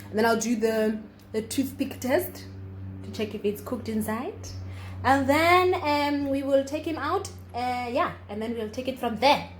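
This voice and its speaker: A woman's voice: high-pitched, unhurried, a little hiss or hum. A young woman chatting casually through her baking steps in a vlog, explaining as she goes with fillers and small laughs. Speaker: vlogger.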